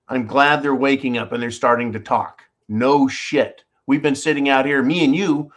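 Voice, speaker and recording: A man in the middle of an angry rant on his own live show, swearing and hammering the same phrases again and again. His voice sits in an ordinary middle pitch, and he keeps calling out to his audience as folks. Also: fairly bright tone. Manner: fired-up, profane, repeats phrases, addresses "folks". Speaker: host of a live call-in show. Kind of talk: heated political rant.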